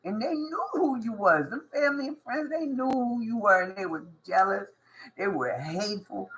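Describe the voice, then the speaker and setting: A woman's voice: mid-range voice, animated, moderate pace, a bit bright, low-quality recording. A woman giving a tarot reading to her viewers, emphatic and preachy, full of slang and repetition. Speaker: tarot reader.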